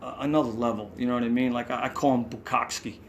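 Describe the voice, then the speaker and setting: A man's voice: mid-range voice, fairly even intonation, racing, slight background noise. A man with a New York accent tells rambling backstage stories in a casual interview, acting out quotes and swearing now and then. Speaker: musician guest. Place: hotel room.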